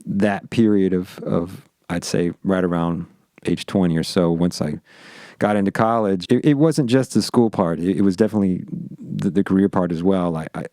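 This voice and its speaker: Male interview guest from Austin, deep and warm-toned, dry close sound, thoughtful and stop-start delivery. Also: no room sound. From Austin, Texas. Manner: reflective, halting, repeats words as he thinks. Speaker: guest musician. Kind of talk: casual interview conversation.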